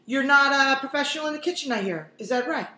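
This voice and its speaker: Cooking host, woman, 40s, high and chatty with wisecracks, roomy echoey kitchen. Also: expressive, fast talker, pushed and bright. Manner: chatty, jokey, talks straight to viewers. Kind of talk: casual cooking demonstration.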